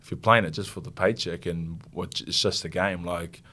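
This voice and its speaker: A young Australian man, a rugby league captain, talking earnestly and haltingly in an interview, getting emotional. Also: low voice, fairly even intonation, pushed and bright. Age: young adult. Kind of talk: casual interview.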